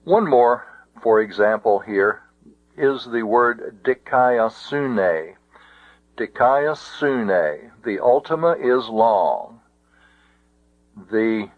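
A man teaching ancient Greek accents in a slow, methodical lecture, sounding out syllables one by one. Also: lowish voice, dry recording. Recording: dull dry lo-fi recording.

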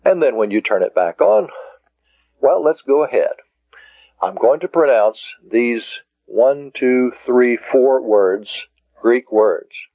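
A man teaching a taped language lesson, speaking deliberately and spelling words out syllable by syllable. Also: mid-range voice, expressive, warm tone, no room sound. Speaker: Greek teacher. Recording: dull lo-fi cassette tape.

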